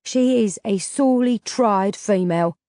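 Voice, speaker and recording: A woman's voice: medium pitch, a little slow, mellow, no echo, studio quality, lightly acted. A woman reader voicing a loyal, earnest young man with a plain way of speaking.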